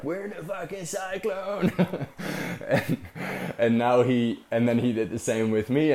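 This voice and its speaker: A man's voice: lowish voice, darkish tone. A young man casually telling a story as a vlogger, rambling with lots of fillers and swearing. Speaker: vlogger recounting a sailing trip.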